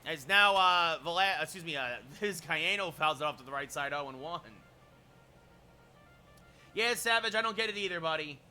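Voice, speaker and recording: Bright, high-voiced man calling baseball. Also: normal speed, pauses often, faint music behind. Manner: chatty, replies to chat between plays; erupts into shouted home-run calls. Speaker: streamer doing play-by-play. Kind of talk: live-stream game commentary.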